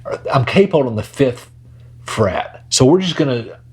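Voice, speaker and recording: A man's voice: medium pitch, sing-song, measured pace, a little mellow, husky. A man teaching a casual guitar lesson in a laid-back way, talking while he plays. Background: his own acoustic guitar playing.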